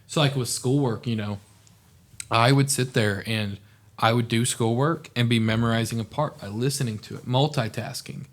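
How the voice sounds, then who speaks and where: A young man with a medium-pitched voice speaks at a moderate pace while guesting on a casual podcast interview. He hails from southeast Oklahoma, used to be a student officer, and rambles earnestly and warmly, with "like" scattered everywhere.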